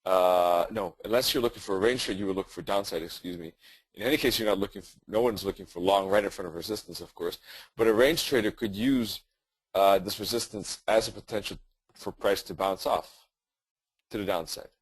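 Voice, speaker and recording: Guy walking thru trading charts on a webinar, lowish voice, dry close mic, chatty w lots of uhs. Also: fairly quick, husky, no room sound, poor audio. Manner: conversational, thinking aloud with fillers and self-corrections. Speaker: forex trading webinar presenter.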